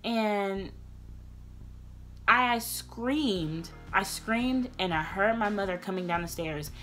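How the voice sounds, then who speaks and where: A young woman speaks straight to camera in a candid storytime vlog. Her voice sits at a middle pitch. She talks earnestly and emotionally, rambling with restarts and rising to loud, passionate bursts, over faint music. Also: takes it slowly. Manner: loose, rambling, many restarts. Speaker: vlogger telling her own story.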